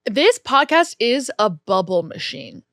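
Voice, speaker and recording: High, lively giggly woman co-host. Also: a little slow, dry recording, studio quality. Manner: giggly, theatrical, laughs often. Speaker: podcast co-host. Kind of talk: casual comedic chat.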